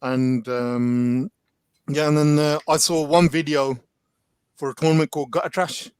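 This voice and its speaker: A man's voice: on the high side, steady tone, measured pace, darkish tone, smooth, no echo. A man, a guest in a casual chat, telling stories animatedly with lots of slang and filler words. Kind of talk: casual storytelling.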